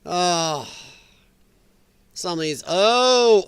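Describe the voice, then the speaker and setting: A man's voice: high voice, no room sound. A man hosting a casual reaction stream, laughing often and chatting loosely. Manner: laughs often, slow and relaxed. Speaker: host reacting to clips.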